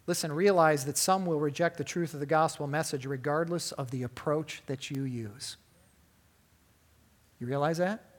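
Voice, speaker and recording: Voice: mid-range voice, moderate pace. A preacher delivering a sermon on a Bible passage, emphatic and often asking the listeners rhetorical questions. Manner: emphatic, with wide swings in loudness.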